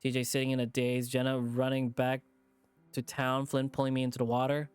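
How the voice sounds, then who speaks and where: A stressed streamer narrating a visual novel, rattled and muttering in disbelief. The voice sits at a middling pitch, with soft music playing faintly behind. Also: monotone, brisk, smooth, dry recording. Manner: rattled, repeating itself, swearing under its breath. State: stressed, shaken. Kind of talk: reading a game aloud with character voices.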